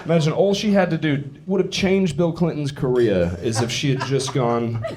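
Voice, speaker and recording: A man's voice: on the high side, normal speed, noisy background. A young Englishman with an English accent doing a stand-up comedy set, brash, profane and mocking with the crowd, on a theater stage. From England. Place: theater stage before a live audience. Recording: live show with loud audience laughter.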